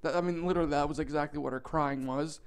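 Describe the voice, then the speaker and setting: A man narrating a comic storytime in an animated, profane, exaggerated way. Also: on the high side, quick pace, clear, resonant tone.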